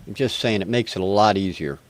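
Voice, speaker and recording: A man's voice: on the low side, brisk, dry recording. Male host, American, casual and rambling, dry close sound. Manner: chatty, rambling, self-deprecating. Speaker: show host. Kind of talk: casual live webcast hosting.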